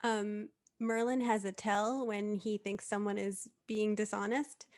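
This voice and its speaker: A woman's voice: mid-range voice, little pitch movement, measured pace, darkish tone. A woman playing a tabletop game, giggly and hesitant. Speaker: player.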